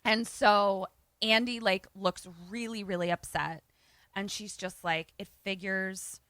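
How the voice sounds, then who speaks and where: Recapping a movie on a podcast she co-hosts, this woman speaks at a medium pitch and an unhurried pace, animatedly performing the characters' lines in a casual way. The recording is dry.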